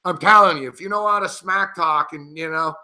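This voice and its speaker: A middle-aged man hosts a sports betting show and tells brash, profane stories in casual chat. His voice is bright and forceful and sits a little high, and he laughs as he talks. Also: a little fast.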